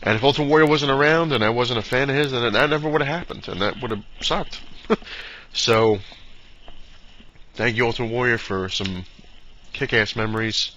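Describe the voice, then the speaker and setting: At a moderate pace with frequent pauses, a vlogger with a mid-range, slightly bright voice tells a long, loose personal story crowded with fillers. Now and then he impersonates the people in it, doing his dad's quotes. Audio is dull and lo-fi with a faint hiss.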